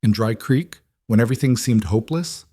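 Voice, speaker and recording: A man reading the lines of a gentle, steady frontier woman in a storybook tale, speaking softly. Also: medium pitch, fairly quick, breathy edge, dry recording, clean studio sound, lightly acted. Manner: soft, tender quoted dialogue.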